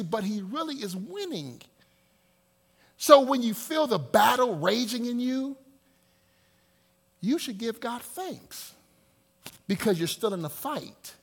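A male pastor preaching a sermon with dynamic swings from loud to hushed, acting out prayers in quoted voices. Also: high voice.

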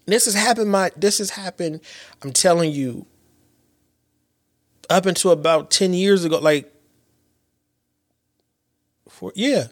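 Male podcast host, late thirties, somewhat high pitch, close dry mic, animated storyteller with loose slang. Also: measured pace, pauses often, no echo. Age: late 30s. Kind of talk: casual reflective monologue.

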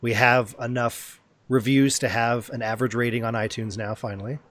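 A man's voice: medium pitch, steady tone, moderate pace, fairly bright tone, no room sound. A man hosting a podcast in a casual chat, joking and teasing, trailing off and restarting. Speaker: podcast host.

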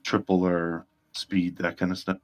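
Low-voiced chatty male player. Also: flat delivery, measured pace. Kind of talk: casual game chat.

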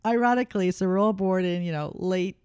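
A woman in her sixties, co-hosting a casual podcast with her daughter from a kitchen table, chatty and quick to laugh, often trailing off mid-sentence. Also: fairly low pitch, darkish tone, clean tone, dry recording, studio quality. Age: 60s. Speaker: podcast co-host, mother. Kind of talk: casual chat. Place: kitchen table in a city home. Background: construction noise next door.

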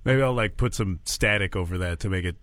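A man's voice: deep voice, a little fast, a bit bright, dry recording. A man hosting a comedy podcast, chatting casually and steering the conversation.

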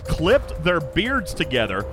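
A man's voice: fairly high pitch, wildly swooping pitch, slow, music in the background. A man hosting a podcast, reading comedic news bits and chatting, often laughing through his own jokes. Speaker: podcast host.

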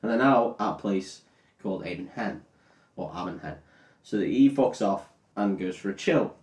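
A man's voice: fairly low pitch, expressive, moderate pace, darkish tone. A young man co-hosting a comedy podcast, retelling a film in a crude, sweary, laughing way. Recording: roomy, mic at some distance.

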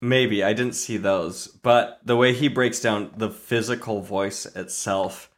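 A man's voice: fairly low pitch, slow. Jokey male podcast host. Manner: jokey, excitable, laughs easily. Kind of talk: casual chat.

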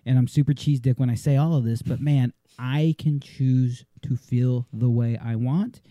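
Podcast dude preaching about choosing your feelings, super dark mellow voice, dry. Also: male voice, mid-range voice, steady tone, moderate pace, dry recording, dull audio. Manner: emphatic, motivational, swears. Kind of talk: casual podcast chat.

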